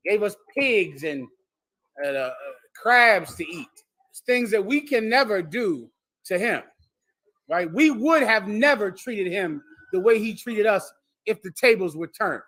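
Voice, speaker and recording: A man's voice: high voice, expressive, unhurried, fairly bright tone. A man leading a congregation, giving a bold, joking preaching lecture and answering questions from the floor. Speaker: leader teaching a congregation. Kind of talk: street-style preaching lecture.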